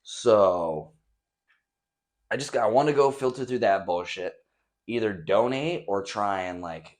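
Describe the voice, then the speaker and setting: Young male podcast host, lowish voice, loose profane rambling, bare echoey bedroom, mic set back. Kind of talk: casual solo rambling chat. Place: nearly empty echoey bedroom. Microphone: camera set on a stack of drawers some distance away.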